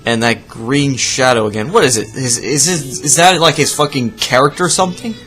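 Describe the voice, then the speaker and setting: A man's voice: mid-range voice, fairly quick, a bit bright, soft background music. A man giving sarcastic, profane reaction commentary on a video, ranting at what he sees. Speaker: video reviewer.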